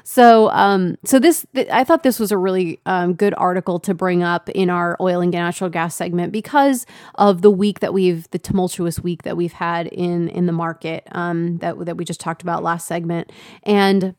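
A woman's voice: lowish voice, fairly even intonation, normal speed, darkish tone, no room sound, clean studio sound. A woman co-hosting a casual market talk show, conversational and laughing easily, with lots of fillers. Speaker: co-host.

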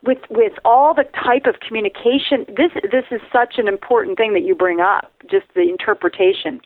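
Higher-voiced woman on a phone line. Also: dry recording. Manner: thoughtful, explanatory, halting restarts. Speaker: radio co-host. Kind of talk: Catholic radio discussion.

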